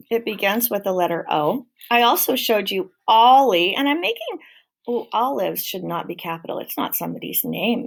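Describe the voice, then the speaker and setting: A woman teaching a phonics lesson to young children, speaking slowly and clearly and stretching out sounds in an encouraging way. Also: medium pitch, big pitch swings.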